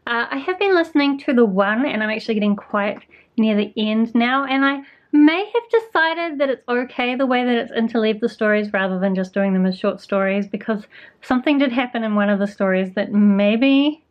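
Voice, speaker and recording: A woman's voice: a little high, moderate pace. A young woman with a New Zealand accent chatting casually about her reading week, self-deprecating and full of fillers. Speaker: book vlogger. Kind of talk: casual vlog chat. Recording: slightly dull lo-fi sound.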